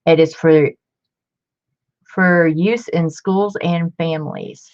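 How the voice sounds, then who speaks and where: A woman in her fifties talks slowly and a little low as she shows off old books, chatty and easily excited. The recording is dull and lo-fi, like a simple home setup. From Ohio. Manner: chatty, excitable, muttering asides. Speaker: book collector vlogger. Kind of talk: casual show-and-tell.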